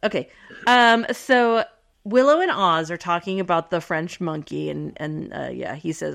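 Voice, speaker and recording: A woman's voice: lowish voice, lively intonation, normal speed, creaky, a bit bright. A woman co-hosting a podcast, casually recapping a TV episode in a chatty way and laughing often. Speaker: podcast co-host.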